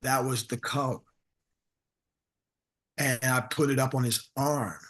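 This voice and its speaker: A man's voice: mid-range voice, measured pace. A man, a comedian, telling a self-deprecating story in conversation and acting out the voices of the people in it. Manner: animated, acts out voices of people in his stories. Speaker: comedian guest.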